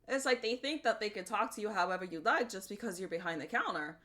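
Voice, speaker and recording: A woman streamer chatting casually and telling stories in an animated, profane way. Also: mid-range voice, quick pace. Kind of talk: casual livestream chat.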